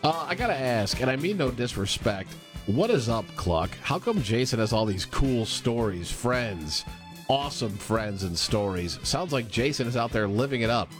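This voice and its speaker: A man co-hosting a morning radio show, ribbing his partner with quick, playful jabs. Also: medium pitch, expressive, music in the background. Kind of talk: casual morning radio banter.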